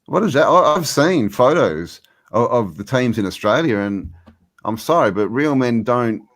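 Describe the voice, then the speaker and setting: A man's voice: mid-range voice, animated, normal speed, a bit bright. A man hosting a casual livestream chat, rambling and emphatic, filling his talk with "you know". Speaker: host.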